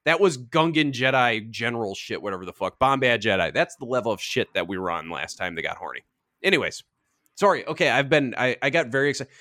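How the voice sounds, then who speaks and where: Excitable swearing male podcast co-host. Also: medium pitch, quick pace. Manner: excitable, gushing, swears freely. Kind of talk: casual chat.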